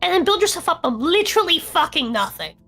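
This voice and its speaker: A drunk young woman rants on a podcast stream, cursing in nearly every sentence. Her voice sits high and swoops through a wide pitch range. It has a bright, sharp edge. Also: sing-song, fast talker, creaky, soft background music. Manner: ranting, swearing heavily. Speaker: podcast co-host. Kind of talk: casual streamed podcast chat.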